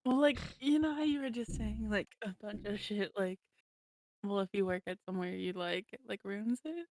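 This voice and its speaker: A woman's voice: mid-range voice, normal speed, darkish tone, no echo, studio quality. A young woman co-hosting a casual podcast, giggling and rambling with lots of filler words. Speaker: podcast co-host. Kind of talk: casual chat.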